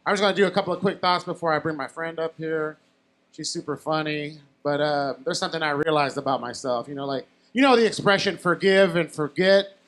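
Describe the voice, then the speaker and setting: A man's voice: on the high side, brisk, a bit bright. A young man doing a casual stand-up comedy set on a bar stage, chatting with the crowd and poking fun at himself. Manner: conversational, self-deprecating, asks the crowd questions. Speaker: stand-up comic. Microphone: handheld stage mic.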